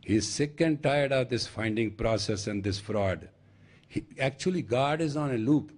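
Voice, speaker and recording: A man's voice: mid-range voice, normal speed. Older Indian-accented man giving a sermon. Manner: storytelling with acted dialogue, emphatic. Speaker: spiritual teacher. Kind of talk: lecture sermon.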